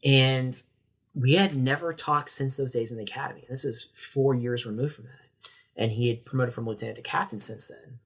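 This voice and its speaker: A young adult man speaks at a middle pitch, recounting his own hard experience as a guest on a podcast. He talks candidly and with emotion. He often stops and starts his sentences over. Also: steady tone, moderate pace, fairly bright tone, breathy edge. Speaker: sheriff's corporal and podcast guest. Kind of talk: personal account in a podcast interview.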